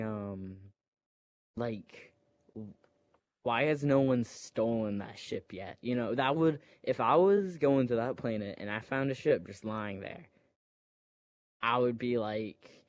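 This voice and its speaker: A man's voice: medium pitch, darkish tone, no room sound. A man casually retelling a film scene by scene, full of fillers, acting out moments and sound effects.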